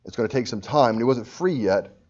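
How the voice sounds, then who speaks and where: A male preacher delivers an earnest sermon at a middling pitch. His delivery builds in sudden loud, fervent swells before dropping back to a pleading hush. The recording sounds slightly muffled and lo-fi. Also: fairly quick. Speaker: pastor.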